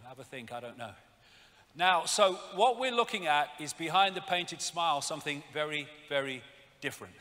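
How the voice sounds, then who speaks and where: A man giving an animated, sarcastic live lecture with slides, swearing often. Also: a little high, in a large hall. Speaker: public speaker.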